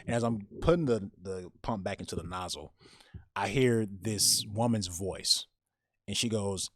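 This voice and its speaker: A man telling a personal story on a podcast, animated and often repeating words as he goes. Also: fairly low pitch, unhurried, no echo, studio quality.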